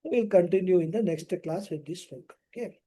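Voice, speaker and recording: A man teaching a scripture class, explaining slowly and chanting Sanskrit verses. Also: high-pitched, mellow. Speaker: spiritual teacher. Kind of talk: scripture lecture.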